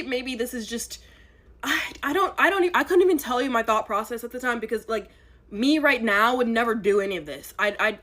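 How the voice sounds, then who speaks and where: A young woman telling a first-date story in an animated, dramatic storytime monologue. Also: a little high, a little hiss or hum. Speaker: storyteller in a clip.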